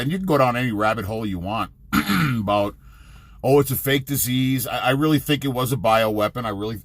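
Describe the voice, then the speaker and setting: A middle-aged man, a truck driver, rambling casually and profanely in his own vlog, jumping from topic to topic. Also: lowish voice.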